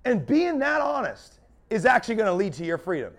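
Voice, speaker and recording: A man's voice: high-pitched, wildly swooping pitch, brisk, gravelly. A man preaching a sermon as pastor, fiery and building in intensity.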